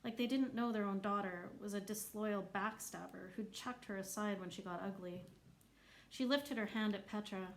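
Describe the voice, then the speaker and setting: A woman reading a novel aloud as narrator, lifting her voice for the characters who shout. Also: medium pitch, moderate pace, slight background noise, poor audio. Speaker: audiobook narrator. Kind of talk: scripted narration.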